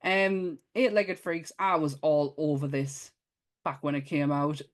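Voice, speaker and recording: A woman with a Northern English accent co-hosting a casual podcast, laughing often and rushing through her scripted intro. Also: deep voice. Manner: lively, laughs often, reads intros quickly. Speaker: podcast co-host. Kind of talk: casual chat.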